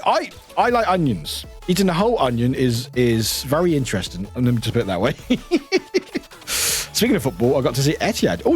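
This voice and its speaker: A man streaming live, chatting casually in a rambling way, swearing offhandedly and laughing often between remarks. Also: mid-range voice. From United Kingdom. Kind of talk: casual chat while gaming live.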